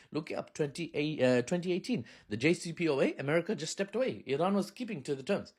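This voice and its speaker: Husky, sarcastic male commentator. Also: a little high, animated, quick pace, few pauses. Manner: sarcastic, mocking, chatty slang. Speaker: political commentator. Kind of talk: casual video commentary.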